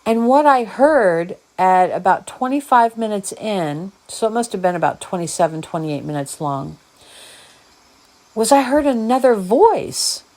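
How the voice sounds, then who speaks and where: A woman's voice: mid-range voice, animated, unhurried, darkish tone. A woman hosting her own video diary podcast, musing aloud in a meandering, reflective way. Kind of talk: personal diary monologue.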